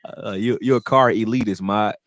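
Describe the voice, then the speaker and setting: A man hosting a live stream, chatting loosely with slang and getting loud and heated when reacting to plays. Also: on the low side, fairly even intonation, normal speed, no echo. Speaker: livestream host reacting to a football game. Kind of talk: casual live commentary chat.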